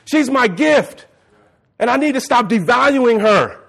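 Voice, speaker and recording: A man preaching a sermon with impassioned, at times shouting delivery. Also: very high voice, expressive, a little slow, gravelly. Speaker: pastor.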